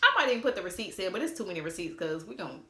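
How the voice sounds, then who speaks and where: A woman's voice: mid-range voice, sing-song, very fast, sharp tone. A woman in her twenties telling a storytime, sassy and profane, talking straight to her viewers. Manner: sassy, profane, exasperated retelling. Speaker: storytime vlogger. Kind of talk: casual storytime. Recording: roomy echo.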